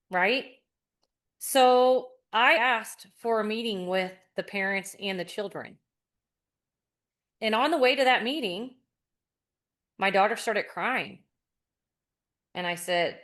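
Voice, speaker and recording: A woman's voice: mid-range voice, a bit bright. A woman guest on a podcast, telling a personal story in a heartfelt, sincere way. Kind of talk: casual conversation.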